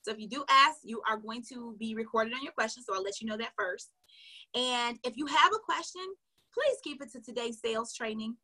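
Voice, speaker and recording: Woman, sales coach, live from home; high, bright, breathy; energetic, chatty, direct. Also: a little fast, poor audio. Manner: energetic, talks straight to viewers; casual and chatty, says y'all. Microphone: livestream on a video call platform.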